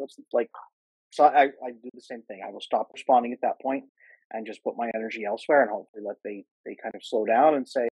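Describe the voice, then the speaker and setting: Husky-voiced man, earnest, over a livestream call. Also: mid-range voice, fast, darkish tone, no room sound, low-quality recording. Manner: earnest, many restarts and acted-out quotes. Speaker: guest, attachment coach. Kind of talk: casual interview chat. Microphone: video call. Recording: choppy livestream audio.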